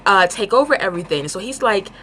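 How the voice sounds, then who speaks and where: A woman giving a casual book review, talking in an excited, rambling way with lots of fillers. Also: medium pitch, fast, a little hiss or hum.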